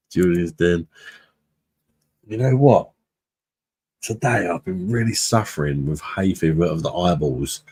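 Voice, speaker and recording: A man hosts a beer review live stream, reading out viewer comments in loose, casual chat. His voice sits very low and sounds rough and husky. He talks bluntly, swears freely and laughs often.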